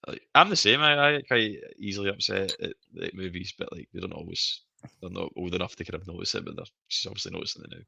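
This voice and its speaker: Gravelly low-voiced Scottish man. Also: fast, no echo. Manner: animated storyteller, laughs often. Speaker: stream host. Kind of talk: casual chat.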